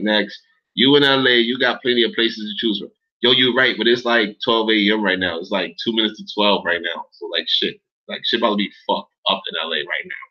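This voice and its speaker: A man hosting a casual livestream, rambling and swearing in street slang as he answers his viewer chat. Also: lowish voice. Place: indoors in Los Angeles. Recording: dull lo-fi stream audio.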